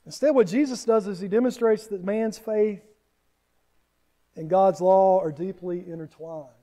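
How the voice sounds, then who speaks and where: A man's voice: high voice, unhurried, mellow. A man with a Southern American accent preaching a sermon, earnest and often repeating words as he starts a thought.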